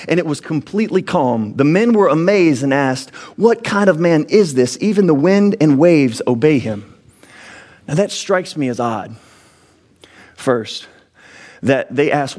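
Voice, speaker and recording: A man's voice: fairly high pitch, a little mellow. A man preaching a sermon as pastor, with rising emphasis and frequent restarts.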